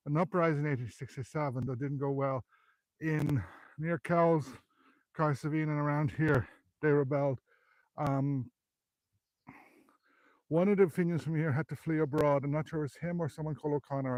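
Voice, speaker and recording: A local history guide, an Irish man, gives a live walking tour of a hillside graveyard, filming on a handheld phone while climbing and sounding out of breath. His slightly high, darkish voice is fairly even at a moderate pace with frequent pauses and no echo, and he rambles chattily, correcting himself as he goes.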